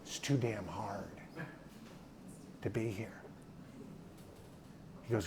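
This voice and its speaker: A man's voice: lowish voice, extremely slow, long pauses, a little mellow, slight background noise. Folksy man telling a story. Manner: folksy, drawling, emphatic storyteller. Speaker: guest speaker. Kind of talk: storytelling talk. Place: hangar.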